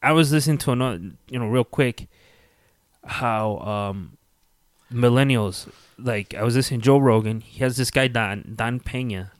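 A man's voice: medium pitch, moderate pace, dry recording, studio quality. A man on a podcast, telling long rambling stories in casual, profane chat full of fillers.

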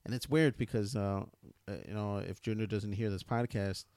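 A man co-hosting a podcast, telling relaxed stories and chatting casually. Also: normal speed, dry recording, clean studio sound. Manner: laid-back storytelling, quotes his son in a high voice. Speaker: podcast co-host.

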